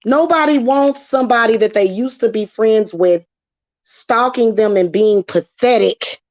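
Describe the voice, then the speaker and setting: A witchcraft vlogger vents in a casual video, heated, emotional and swearing freely about spiritual work. Her voice is a little high, unhurried and darkish. The recording is dull, dry and lo-fi.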